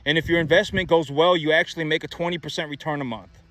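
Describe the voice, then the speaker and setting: A man's voice: on the high side, steady tone, fast, fairly bright tone, no room sound, soft background music. A man giving money advice in a casual, emphatic monologue, repeating himself and asking rhetorical questions. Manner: repetitive, emphatic, many rhetorical "right?" asides.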